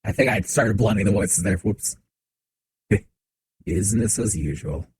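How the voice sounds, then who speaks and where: A man streaming a game from a home setup, chatting with viewers in a relaxed, joking way into a desk mic. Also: on the low side, a little slow, vocal fry, breathy edge, no echo, low-quality recording. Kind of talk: casual game commentary. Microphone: desk mic on shock mount.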